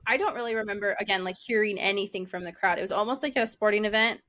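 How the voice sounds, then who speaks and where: A young woman, a podcast co-host, chatting casually, laughing often and acting out quotes in a higher voice. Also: very fast, sharp tone. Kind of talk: casual chat.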